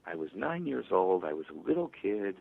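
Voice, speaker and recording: Gravelly man on a tinny phone line. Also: low voice, normal speed. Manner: animated storytelling, acting out parents' voices. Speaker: author guest. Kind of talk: radio interview.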